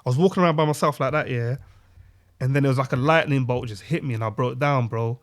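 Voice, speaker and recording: A man's voice: medium pitch, quick pace. A young man, a podcast co-host telling a personal story in casual chat, full of slang and acted-out quotes. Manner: animated storytelling with London slang, acting out quotes.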